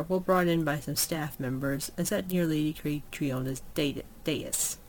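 A storyteller reads a fantasy tale aloud in an unhurried, mid-pitched voice, now and then stumbling and correcting a word. A faint hiss hangs behind the voice, as in a simple homemade recording. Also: rough recording. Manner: unhurried, with small slips and self-corrections.

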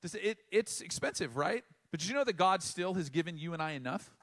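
Middle-aged male pastor, higher-pitched voice; conversational sermon, emphatic pauses. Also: expressive, fairly bright tone.

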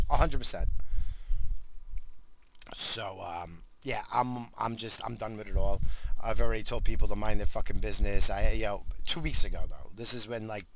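A man with a lowish voice rants to his audience in a loose, profane vlog style. He repeats his points, swears casually, and keeps interrupting himself with brisk, unapologetic apologies. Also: a bit bright, slight background noise, rough recording. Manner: profane, blunt, repetitive; heated, frequently apologizing. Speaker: vlogger. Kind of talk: casual rant to camera.

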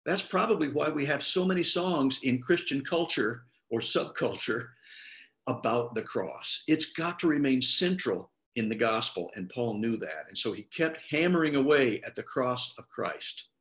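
A middle-aged male pastor delivers a sermon conversationally, bringing the people he quotes to life with lively voices. He speaks at medium pitch and normal speed.

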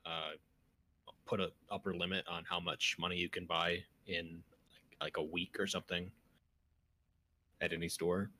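A man's voice: low voice, flat delivery, moderate pace, long pauses, sharp tone. A young man co-hosting a casual podcast, rambling and trailing off mid-thought with frequent laughs. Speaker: podcast co-host.

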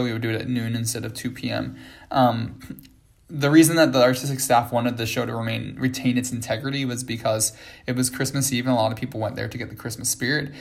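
A man's voice: medium pitch, gravelly. A man, a ballet dancer, casually telling stories with lots of fillers and restarts. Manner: rambling with many fillers and restarts. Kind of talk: casual storytelling.

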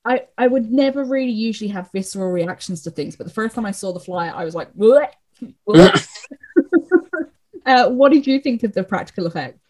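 A woman's voice: medium pitch, animated, a little fast, a little mellow. A young woman in a casual film chat, talking freely with many fillers and the odd swear word. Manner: chatty, frequent fillers and swearing.

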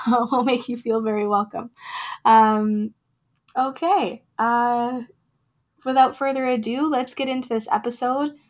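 A woman hosting her own podcast, talking earnestly with many fillers, her voice raspy from being sick. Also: fairly high pitch, fairly even intonation, a little slow. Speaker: podcast host. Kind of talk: casual podcast talk and poetry reading.

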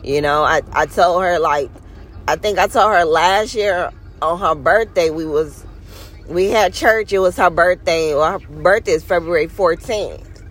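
A woman talks straight to her podcast listeners in an unhurried, heartfelt monologue. She leans into key words and draws them out, sounding earnest and a little preachy as she encourages them. Her pace stays slow and deliberate throughout. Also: lowish voice. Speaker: podcast host. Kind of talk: casual inspirational monologue.

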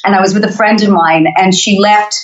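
A woman's voice: mid-range voice, steady tone. Guest: middle-aged North American woman, upbeat and chatty, in an echoey room with dull, lo-fi sound. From Montreal, Canada. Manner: upbeat, chatty, quick to laugh. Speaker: singer-songwriter guest. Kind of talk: casual interview chat. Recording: roomy, dull lo-fi remote audio.

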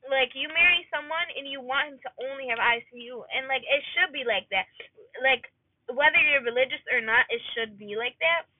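A high-pitched young woman rants casually, every sentence strung together with "like" and plenty of indignation. Her voice comes through thin and tinny, as if over a phone line, in a dry, close space. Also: brisk, no echo. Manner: rambling, filler-heavy with constant "like", indignant. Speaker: aspiring doctor working in a hospital. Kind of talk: casual venting monologue.

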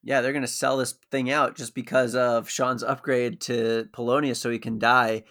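A man's voice: medium pitch, little pitch movement, moderate pace, a bit bright. A man co-hosting a podcast, walking through a TV episode's plot in an easygoing, conversational way. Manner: easygoing storyteller, with some filler "uh"s. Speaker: podcast co-host. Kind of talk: casual episode recap chat.

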